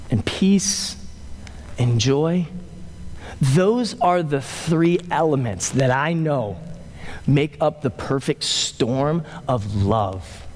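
A man preaching a sermon as a pastor, conversational and joking, then building to emphatic peaks. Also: high voice. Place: church sanctuary. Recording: long hall reverb.

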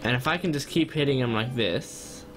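Young male gamer host, excitable play-by-play, quick to frustration, medium pitch. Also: slight background noise. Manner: excitable, quickly frustrated, jumps high when upset. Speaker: gaming channel host. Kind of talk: gameplay commentary.

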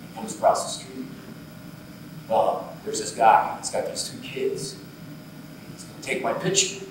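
An actor performing a wry, conversational storytelling monologue live on a theatre stage. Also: male voice, a little slow, a little hiss or hum, close to an everyday voice. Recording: live theatre, distant and echoey.

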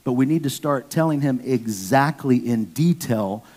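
A man's voice: medium pitch, animated, normal speed, a little mellow. A man preaching a casual sermon, slangy and joking, talking straight to the congregation. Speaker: pastor.

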